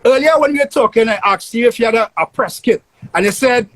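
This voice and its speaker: High-voiced husky man hosting. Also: fairly quick, poor audio. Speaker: host. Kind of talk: casual interview chat.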